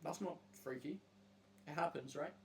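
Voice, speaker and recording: A man's voice: on the high side, moderate pace, gravelly, slight background noise. A man hosting a casual chat with strangers, joking in a brash, mock-serious way and swearing freely. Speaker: host asking strangers on a video chat app.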